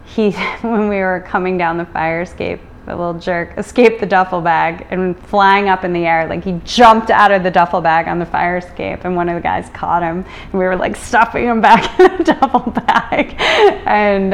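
A woman's voice: lowish voice, vocal fry. A middle-aged American woman telling a personal story, emotional and full of reported dialogue. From United States. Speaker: guest.

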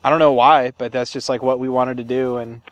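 A man's voice: mid-range voice, steady tone, fairly quick. A man co-hosting a casual podcast chat, rambling loosely and laughing often. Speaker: podcast co-host.

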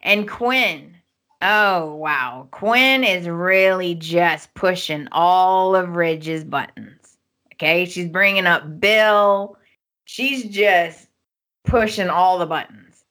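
A woman with a lowish voice speaks at a slow pace, hosting a podcast where she recaps a soap opera in casual chat. She tells it with animation, acting out the characters' lines as she goes.

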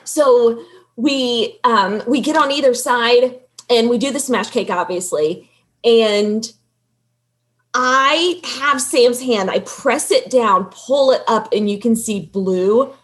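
A woman telling a story as a podcast guest, animated and laughing as she acts out what people said. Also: on the high side, slow. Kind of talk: casual storytelling.

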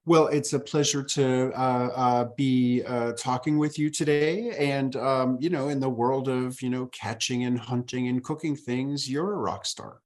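A man from Manhattan speaking as a podcast guest, calm and measured, often pausing on fillers. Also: medium pitch. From Manhattan, New York. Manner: measured, many ums and you-knows. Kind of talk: casual interview chat.

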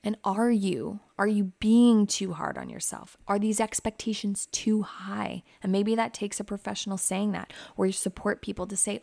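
A woman who hosts a psychotherapy podcast, guiding listeners through reflective questions in a gentle, advising way. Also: mid-range voice, fairly even intonation, moderate pace, vocal fry, hardly any pauses, no room sound. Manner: reflective, asks many questions.

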